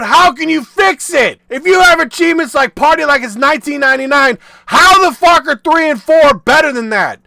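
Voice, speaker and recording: A man ranting profanely about video games, exasperated and bursting into shouts. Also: very high-pitched, dry recording. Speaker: video game commentator. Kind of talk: ranting commentary.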